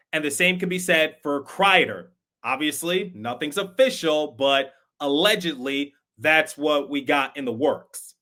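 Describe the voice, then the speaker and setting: A man hosts a sports podcast with a bright, forceful tone. His talk is conversational and emphatic, and he sometimes repeats a word as he presses a point. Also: fairly high pitch. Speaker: podcast host. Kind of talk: opinionated sports commentary.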